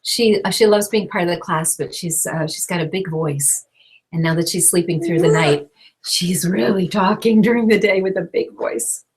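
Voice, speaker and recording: A woman teaching a live online class over a call, chatty and gentle as she explains. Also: fairly low pitch, moderate pace. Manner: gentle, chatty, breaks off to soothe a baby. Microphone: call microphone.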